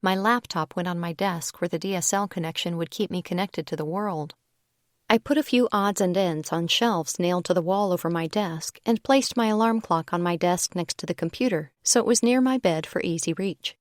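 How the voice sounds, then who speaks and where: A woman narrating a young adult audiobook in the first person, relaxed and conversational. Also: on the low side, normal speed, no echo, studio quality.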